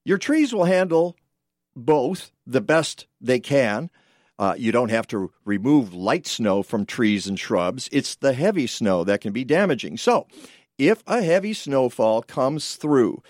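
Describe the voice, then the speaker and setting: A man hosting a radio talk show, reading sponsor spots with playful, drawn-out emphasis. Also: mid-range voice, sing-song, darkish tone, no room sound, studio quality. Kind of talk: radio talk and live ad reads.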